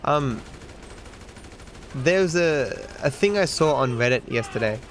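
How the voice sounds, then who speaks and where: A man's voice: medium pitch, expressive, takes it slowly, a little hiss or hum. A man with an Australian accent chatting casually while streaming a speedrun, rambling and correcting himself often. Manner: rambling, many restarts and self-corrections. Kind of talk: casual livestream commentary.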